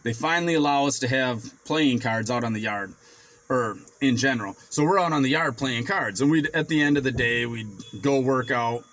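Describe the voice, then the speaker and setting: Guy in his 40s rambling through an old story on his vlog, cusses a bit, mid-pitched. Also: moderate pace. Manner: rambling, animated when quoting himself, swears freely. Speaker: finance vlogger.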